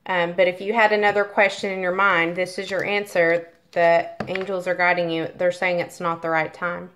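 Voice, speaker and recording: A woman's voice: on the low side, flat delivery, normal speed, fairly bright tone, slight background noise. A woman giving a casual tarot reading who chats directly to viewers and reads card passages aloud. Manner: chatty, talks directly to viewers.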